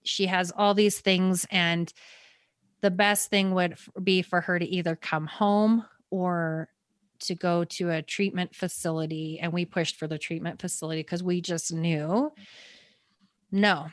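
A woman tells her own family story on a podcast, earnest and quick, her words sometimes tumbling over each other. She sounds close to tears at moments. The recording is dry and close. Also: on the low side, steady tone, dry recording. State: near tears. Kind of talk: emotional personal storytelling.

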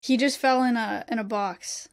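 A young woman co-hosting a podcast in casual chat, halting and repeating words as she thinks aloud. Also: on the high side, fairly even intonation. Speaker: podcast co-host.

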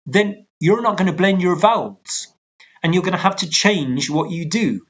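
A man, a choral conductor guest, explaining at length with lively asides over a video call. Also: on the high side, brisk, dull audio. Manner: animated, digressive, with lively asides. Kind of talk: conversational explaining.

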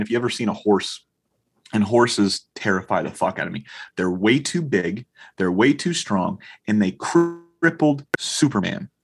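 Casual male podcaster, 30s, husky and low, animated storyteller who acts out every line of dialogue. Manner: animated storyteller, acts out quoted dialogue with big pitch jumps, swears freely. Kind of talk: casual chat.

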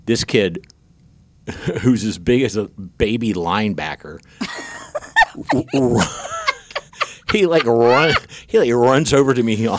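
A man's voice: mid-range voice, slow pace, pauses often. A man hosting a podcast, telling stories in casual chat, with many restarts and repeated words. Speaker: podcast host.

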